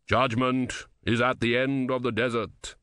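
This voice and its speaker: A man voicing Death, a solemn male reaper who speaks in a slow, grave, measured way. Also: mid-range voice, level tone, a bit bright, smooth, no room sound, clean studio sound, natural voice.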